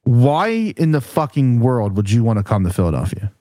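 A man's voice: medium pitch, expressive, a little fast, warm tone, dry recording, studio quality. A man co-hosting a casual sports podcast, rambling and restarting his sentences as he asks questions. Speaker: podcast co-host. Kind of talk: profane casual sports chat.

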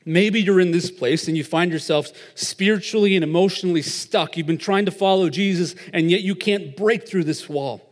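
A man's voice: high-pitched, normal speed. Chatty young man preaching in a hall. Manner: chatty, lots of "like" fillers. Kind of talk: casual sermon with storytelling. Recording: long reverb of a large hall.

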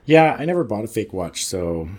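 A man in his forties co-hosting a podcast, telling travel stories in a relaxed, casual way with many fillers and restarts. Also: fairly low pitch, moderate pace. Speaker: podcast co-host.

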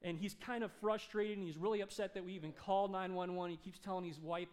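A male pastor preaching a sermon, telling a story with animated delivery and acted-out dialogue. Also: sits high, fast talker. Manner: animated, acts out dialogue in his stories.

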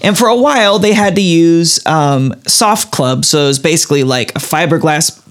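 A man's voice: a little high, moderate pace. A man hosting a casual comedy chat, telling a rambling story full of restarts. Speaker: podcast host.

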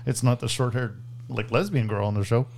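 A man's voice: medium pitch, a little fast, gravelly. A man co-hosting a podcast, trading crude, casual banter, swearing freely and laughing often. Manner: profane, animated, laughs often. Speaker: podcast co-host.

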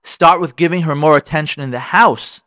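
A man's voice: fairly high pitch, moderate pace, bright, forceful tone, no echo, clean studio sound. A man hosting a radio advice show, talking frankly and getting worked up as he addresses listeners directly. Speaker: radio show host giving marriage advice. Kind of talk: animated advice talk.

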